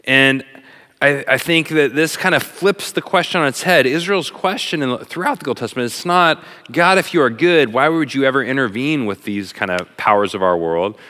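A middle-aged man preaching a sermon as a pastor, talking in an animated, conversational way with plenty of fillers. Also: medium pitch, moderate pace. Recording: long hall reverb.

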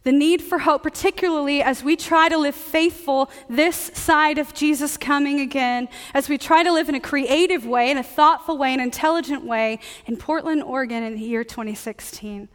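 A woman pastor preaching a sermon in a relaxed, conversational way, joking with her congregation. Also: sits high, moderate pace, hardly any pauses, in a large hall.

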